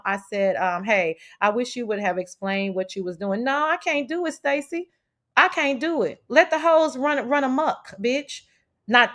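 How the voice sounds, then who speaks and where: A woman's voice: on the high side, a bit bright. A woman hosting a casual livestream chat, brash and profane as she talks back to her chat. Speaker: livestream host.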